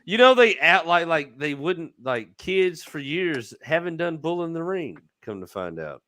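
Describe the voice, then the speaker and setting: A man from with a fairly high voice co-hosts in a loose, joking way. He teases his guest with profane banter and ribbing asides. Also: big pitch swings, a little slow, fairly bright tone. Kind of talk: casual podcast chat.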